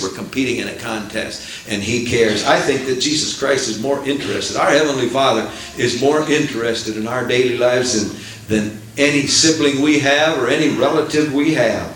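A man preaching a sermon in a folksy, animated way, swelling into excited outbursts, heard from a distance in an echoey church. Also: medium pitch, a little hiss or hum. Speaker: pastor. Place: church sanctuary.

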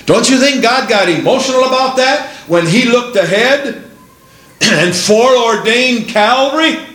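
A high-pitched male preacher delivers his sermon with an emphatic, rolling cadence and presses the congregation with rhetorical questions. His voice rings through a roomy, echoing church. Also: animated, unhurried, a bit bright.

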